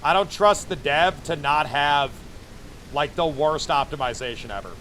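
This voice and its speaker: A man's voice: fairly high pitch, normal speed, pushed and bright, slight background noise. A man streaming a game, chatting and joking to his viewers as he plays. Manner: joking, chatty, talks to himself while playing. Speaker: VTuber streamer. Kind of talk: casual gaming commentary to chat.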